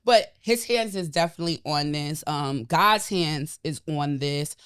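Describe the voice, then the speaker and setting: A woman's voice: low voice, a little slow, fairly bright tone, clean tone. A woman appearing as a podcast guest and life coach, talking in an encouraging, spiritual way. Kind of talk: casual heartfelt chat. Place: podcast studio.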